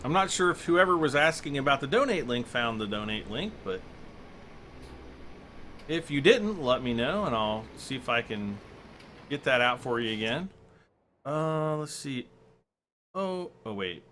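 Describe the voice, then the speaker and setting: A man hosts a casual game livestream, talking viewers through his play in a loose, rambling way. His voice is bright and forceful, and his pitch swings widely as he chats. He keeps answering questions from chat as he goes. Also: big pitch swings, a little slow, long pauses, a little hiss or hum.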